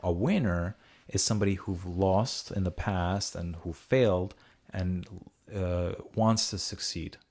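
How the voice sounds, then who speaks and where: A young man hosting a casual podcast chat, swearing freely and getting animated as he makes his points. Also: measured pace. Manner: animated, swearing freely, jumps into high mocking voices when quoting. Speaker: podcast host.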